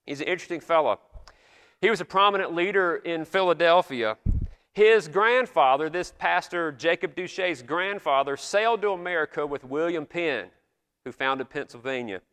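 A man preaching a sermon in a church, slowing down to read old prayers and scripture with dramatic weight. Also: a little high, lively intonation, fairly bright tone, clean tone, long reverb tail. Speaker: pastor.

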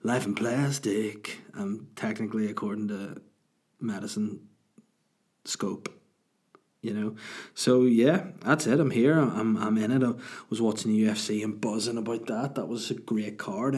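A man's voice: fairly low pitch, darkish tone. A man, rambling chattily as a solo podcast host. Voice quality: husky. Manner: rambling, self-deprecating, chatty. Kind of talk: casual solo podcast chat.

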